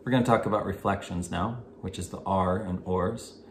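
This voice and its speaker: A man giving an instructional talk on listening skills to parents, in a measured, explanatory way. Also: deep voice, fairly even intonation. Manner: measured, explanatory, gives spoken examples. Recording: echoey room with faint hiss.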